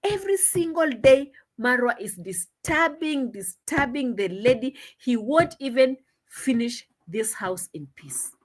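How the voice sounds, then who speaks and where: A woman commentary vlogger speaks slowly in a slightly high, animated voice while reacting to a clip. Her tone is indignant and mocking with occasional laughs, and the audio comes from a desk camera.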